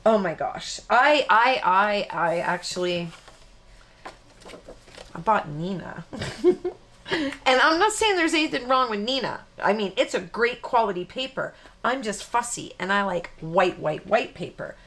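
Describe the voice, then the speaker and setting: A woman's voice: medium pitch, expressive, a little slow, fairly bright tone. A woman hosting a live card-making tutorial, chatting casually and rambling with easy laughs. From Canada. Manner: rambling, self-interrupting, laughs easily.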